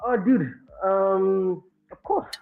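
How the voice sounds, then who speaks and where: A man in a casual chat, delivering deadpan jokes and dry one-liners. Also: high voice, takes it slowly, phone-quality sound, soft background music.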